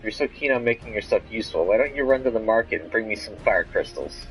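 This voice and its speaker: A man's voice: on the low side, lively intonation, fast, soft background music, lightly acted, low-quality recording. Casting: man reading a bossy, teasing game mother, pushy and doting. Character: overbearing, doting mother of a grown son.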